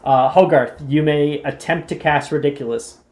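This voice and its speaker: A man's voice: on the high side, steady tone, normal speed, darkish tone. A man running a tabletop game as game master, casual and rambling, often laughing as he narrates.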